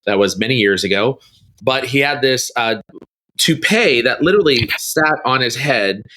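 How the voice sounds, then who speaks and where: A middle-aged man tells a story as a guest on a podcast interview. He has a bright, forward tone and acts out the people in his story with sudden jumps in pitch. He talks loosely and casually, like someone recounting an anecdote. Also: moderate pace. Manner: animated storyteller, acts out quoted dialogue with big pitch jumps.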